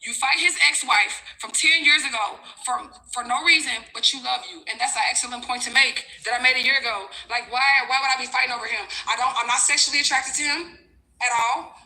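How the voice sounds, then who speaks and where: Brief: high-voiced woman vlogger, bright and edgy, animated profane storytime rant, echoey room. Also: brisk. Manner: animated, profane, talks straight to viewers. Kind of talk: ranting storytime, reading out messages.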